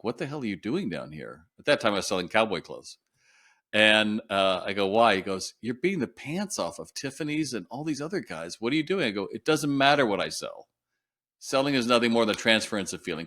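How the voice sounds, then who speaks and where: A man with a fairly low voice tells his story as a guest in an interview. He performs the lines of the people in it, switching into their voices as he goes. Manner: animated storyteller acting out quoted dialogue. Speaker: guest, retail consultant.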